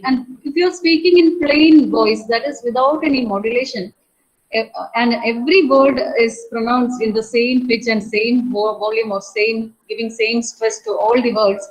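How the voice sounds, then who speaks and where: A woman lecturer with a somewhat high voice walks her class through a lesson. She speaks with frequent fillers and restarts, repeats key points, and stops to ask students questions. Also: a little mellow, low-quality recording. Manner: asks students questions and praises answers. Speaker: college lecturer.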